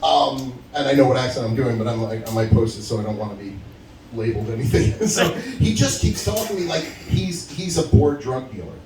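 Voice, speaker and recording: On stage at a live open mic, a stand-up comedian in his forties tells stories animatedly, acts out phone calls, and laughs at his own jokes. He speaks briskly at a medium pitch, with music in the background. The sound is roomy, captured from a distance.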